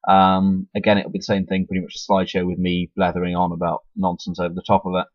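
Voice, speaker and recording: Speaking fast in a deep monotone, a young male YouTuber rambles casually into his webcam, mocking himself, restarting again and again, and hiccupping throughout. The sound is dry, dull lo-fi audio from the webcam mic.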